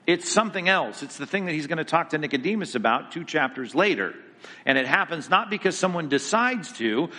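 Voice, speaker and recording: A man's voice: on the high side, bright, forceful tone, in a large hall. A man giving a theology lecture to a class, emphatic and conversational, asking the students questions as he goes. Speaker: Bible teacher.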